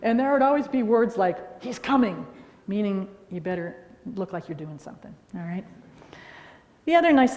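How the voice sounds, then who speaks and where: A middle-aged woman giving a conference talk, telling anecdotes in a lively way and often checking in with "all right?". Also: mid-range voice. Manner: animated storytelling with frequent "all right?". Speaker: conference speaker. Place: large lecture hall. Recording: echoey hall reverb.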